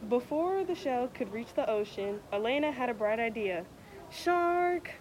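A young woman reading a children's picture book aloud with expressive, animated storytelling. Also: on the high side, moderate pace, a little hiss or hum, rough recording. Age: young adult. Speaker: student athlete reading aloud.

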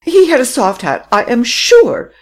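A woman voicing a frantic, breathless society lady who shrieks and weeps in a high, strained voice. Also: wildly swooping pitch, measured pace, a little mellow, exaggerated voice. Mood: insistent.

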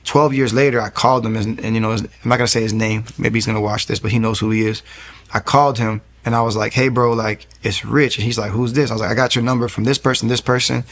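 A man's voice: mid-range voice, steady tone, fast, a bit bright. A young man giving an earnest testimony in an interview, telling his story and acting out what people said to him. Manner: earnest, storytelling, acts out quoted dialogue. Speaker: interview guest.

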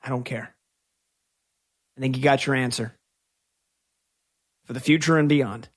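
On his call-in sports radio show, this male host voices firm opinions and draws out the words he wants to stress. He speaks a little high, with a sing-song lilt.

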